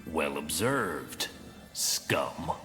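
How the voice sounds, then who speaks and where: A sneering, vengeful orc butcher. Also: male voice, a bass voice, big pitch swings, extremely slow, sharp tone, soft background music, heavily acted. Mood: menacing. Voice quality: menacing, sneering. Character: vengeful male orc butcher, bitter and cruel. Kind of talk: video game voice acting.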